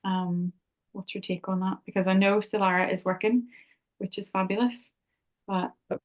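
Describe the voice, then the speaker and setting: Woman hosting a podcast, easygoing, asks stuff with little ums, mid pitch. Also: flat delivery, moderate pace. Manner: conversational, asks questions with small fillers. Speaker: podcast host. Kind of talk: casual interview.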